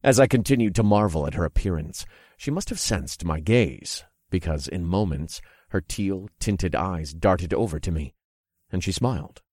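Deep-voiced male story narrator. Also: expressive, moderate pace, darkish tone, no room sound, studio quality. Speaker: first-person narrator.

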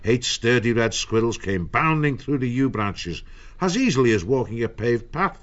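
A man reading an audiobook in a measured storytelling manner. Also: medium pitch, animated, lo-fi sound. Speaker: narrator. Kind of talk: audiobook narration.

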